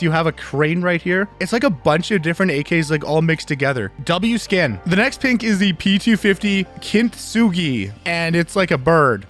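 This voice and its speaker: A young man casually reviewing video game skins, talking loosely with lots of fillers. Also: a little high. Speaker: gaming YouTuber.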